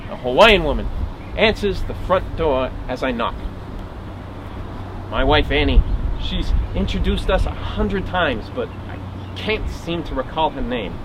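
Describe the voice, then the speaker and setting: A man's voice: on the high side, lively intonation, a little slow, pauses often. A man playing a wry, dogged 1850s marshal, telling his story as a first-person dramatic monologue with grumbling asides. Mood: tense, wry. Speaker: historical reenactor. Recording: outdoor recording with traffic noise.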